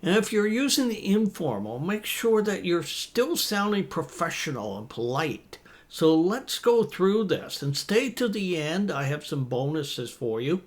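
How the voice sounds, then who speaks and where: A man in his fifties coaches business English straight to camera. His voice sits a little high for a man, and he reads each example phrase slowly and deliberately. Between the examples his tone stays encouraging. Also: big pitch swings. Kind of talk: teaching lesson to camera.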